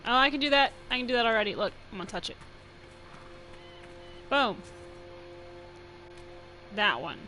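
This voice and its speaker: A woman's voice: fairly high pitch, lively intonation, normal speed, long pauses, sharp tone, faint music behind, rough recording. A young woman from New Mexico chatting casually while streaming a game. She rambles, laughs often and says "like" a lot. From New Mexico, USA. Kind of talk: casual live-stream commentary.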